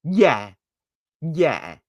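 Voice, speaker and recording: A woman's voice: low-pitched, big pitch swings, drawn-out words, darkish tone, dry recording, dull audio. An older woman from London, hosting a casual, opinionated and rambling chat. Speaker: host.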